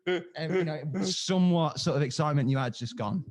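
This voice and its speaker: Young male guest, rapid and blunt, funny storyteller who mimics the other voices. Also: on the high side. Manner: candid, crude humor, acts out quoted voices. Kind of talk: casual storytelling.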